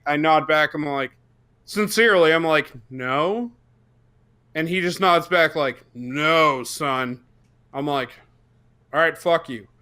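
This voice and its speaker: A young man telling a profane, excitable story on a casual podcast, bursting into shouts for the quoted parts. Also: on the high side, clear, resonant tone. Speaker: podcast co-host.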